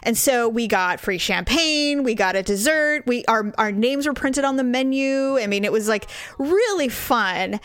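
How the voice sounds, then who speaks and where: A middle-aged woman telling a story in casual chat, animated and profane, acting out what people said. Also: on the high side, measured pace, few pauses, clean tone.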